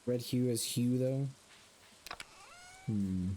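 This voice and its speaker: A man's voice: medium pitch, extremely slow, mellow. A young man streaming a farming game, chatting casually with his chat and playfully repeating a grunting villager noise. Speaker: gaming streamer. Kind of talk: casual live-stream chat while gaming.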